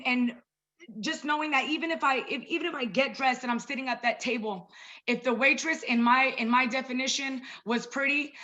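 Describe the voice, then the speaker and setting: A woman in her thirties with a high, bright voice, talking to a group on a video call. She is chatty and personal and keeps calling her listeners "you guys." The sound is a bit dull and lo-fi. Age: 30s. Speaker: wellness coach presenting to a group. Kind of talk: casual online presentation.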